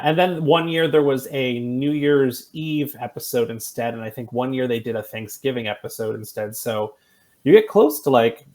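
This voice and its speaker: A man co-hosting a casual TV recommendation chat, animated and chatty with many fillers. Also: medium pitch. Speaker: co-host.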